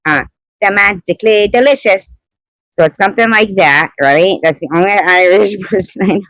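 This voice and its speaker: A woman's voice: mid-range voice, moderate pace, fairly bright tone, no echo, poor audio. A woman hosting a casual livestream, rambling, reading out chat comments and laughing often between remarks. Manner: rambling, reads out chat comments and greets viewers. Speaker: livestream host. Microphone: phone.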